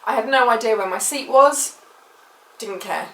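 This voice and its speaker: A woman's voice: on the high side, normal speed, a bit bright. British woman vlogger, emotional rambling storytime, roomy and off-mic. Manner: emotional, rambling retelling with many fillers. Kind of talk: personal storytime vlog. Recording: echoey room, mic at a distance.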